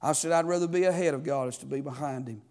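A man's voice: on the high side, quick pace, a little mellow. A man, preaching a sermon as pastor, building fervor and asking the congregation questions. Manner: preaching with rising fervor and call-and-response questions.

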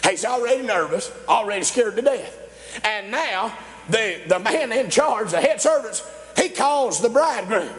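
A man's voice: sits high, animated, a little slow. A man, a pastor, delivering a folksy sermon, exclaiming often and laughing between points.

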